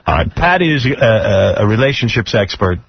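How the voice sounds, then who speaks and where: A man's voice: on the low side, very animated, moderate pace, vocal fry, crowd noise. A man hosting a radio talk show, blunt and teasing as he steers the conversation. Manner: blunt, teasing, takes charge. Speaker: radio host. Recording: muffled lo-fi radio broadcast.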